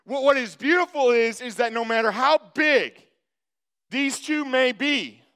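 A pastor preaching a sermon in a high, bright, ringing voice that stays smooth and clear. He addresses his congregation directly and hammers his points home by repeating them. The delivery is emphatic and earnest. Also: a little slow.

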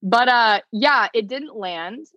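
A woman, an attorney, telling stories in a fast, animated way, with lots of "like", as a guest in a casual podcast chat. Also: a little high, no room sound, muffled recording. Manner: fast, animated storytelling full of "like".

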